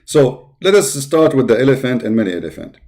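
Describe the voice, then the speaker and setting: A man's voice: mid-range voice, sing-song, fairly quick, dark tone. Male host, combative debate call, keeps repeating phrases. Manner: argumentative, interrupts, repeats phrases. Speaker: show host.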